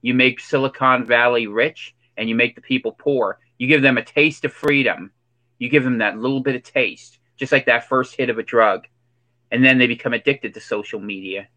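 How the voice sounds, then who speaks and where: A man's voice: mid-range voice, fairly even intonation, normal speed, bright, forceful tone, close to an everyday voice, low-quality recording. A man playing a preachy conspiracy theorist character in a comedic monologue, full of ominous rhetorical questions and an affected accent. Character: preachy male conspiracy theorist in hoodie and sunglasses.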